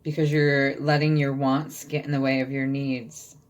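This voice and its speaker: Low-voiced woman giving a tarot reading. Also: flat delivery, normal speed. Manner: reads card texts aloud, checks in with "okay?". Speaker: tarot reader.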